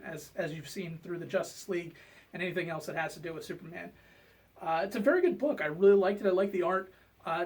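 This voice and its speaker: A man giving a casual comic book review, relaxed and full of fillers. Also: sits high, distant mic. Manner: relaxed, hesitant with many fillers.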